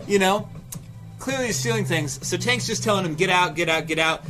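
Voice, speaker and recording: Animated young man telling a story over music. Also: high voice, normal speed. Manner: animated, swearing, acts out quotes with laughs. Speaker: streamer. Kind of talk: casual storytelling on stream.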